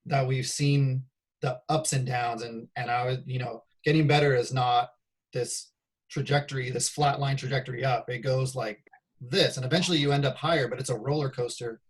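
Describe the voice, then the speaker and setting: A man's voice: mid-range voice, steady tone. Reflective male volleyball coach interviewing. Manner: measured, reflective, some "um" and "you know". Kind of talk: casual interview talk.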